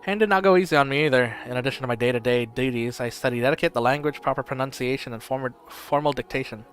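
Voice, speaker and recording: A man streaming and reading a story game aloud in steady first-person narration, with occasional slips. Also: mid-range voice, quick pace, faint music behind.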